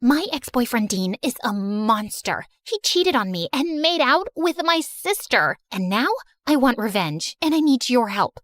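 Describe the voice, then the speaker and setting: A pushy popular teenage girl from an animated story, rattling off her plan with quick persuasion, voiced by a woman. Her voice is fairly high and animated. The sound is dry. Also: no room sound. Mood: scheming.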